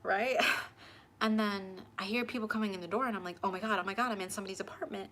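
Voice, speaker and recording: A young tarot channel host tells a personal story straight to camera, fast and chatty, animatedly acting out both sides of conversations. Her voice is mid-pitched, with a faint hiss in the background.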